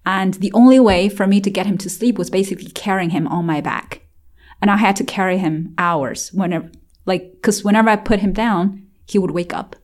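A woman from China remembers her childhood during an interview, speaking fairly quickly in a medium-pitched, slightly mellow voice. Her story is full of fillers and restarts, and she sometimes laughs even while recounting hard memories.

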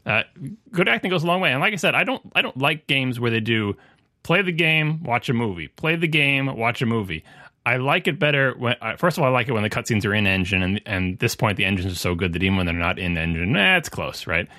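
Bright-voiced man in a casual podcast chat. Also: mid-range voice, very animated, fast, no echo, studio quality. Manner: opinionated, talks in long runs with restarts. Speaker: podcast panelist.

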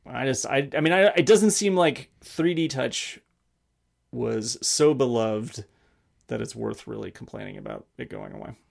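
A man's voice: mid-range voice, measured pace, vocal fry. A man co-hosting a podcast, chatting casually and hesitantly, with many fillers and trailing sentences. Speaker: podcast co-host. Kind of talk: casual tech chat.

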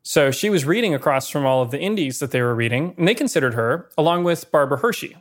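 A man co-hosting a podcast, telling film-history stories in a lively way with asides and chuckles. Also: fairly high pitch, fast. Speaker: podcast co-host. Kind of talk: casual film-history chat.

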